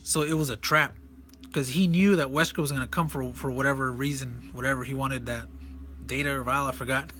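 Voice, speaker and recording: Male reviewer, casual and excitable, restarts and self-corrections; bright, sharp tone, faint music underneath. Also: medium pitch, a little fast. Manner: enthusiastic, rambling, self-correcting. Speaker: comic reviewer. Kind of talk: casual comic walkthrough.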